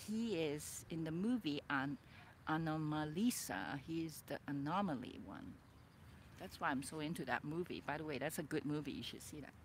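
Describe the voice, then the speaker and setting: A woman author reading her own memoir aloud, expressive and dramatic, breaking off for chatty asides. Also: low voice, moderate pace, a little hiss or hum. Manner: expressive, swings between soft and loud, chatty asides.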